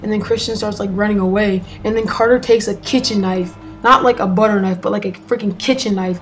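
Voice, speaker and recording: A woman tells a story in a chatty, rambling way, with lots of "um" and "like" fillers. Her voice sits at a middle pitch, with faint music underneath. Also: steady tone, brisk, poor audio. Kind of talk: casual storytelling vlog.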